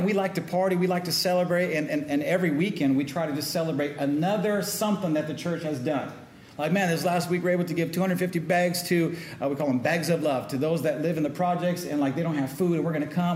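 A man's voice: fairly high pitch, quick pace, a little mellow, slight background noise. A middle-aged man preaching a sermon as pastor, talking in a loose conversational way and calling out to the congregation for responses. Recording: echoey room with faint ambience.

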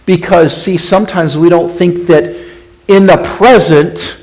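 A man preaching a sermon as pastor, questioning the congregation and swinging between hushed, intimate passages and emphatic, raised ones. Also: high-pitched, fairly even intonation, measured pace, rough recording.

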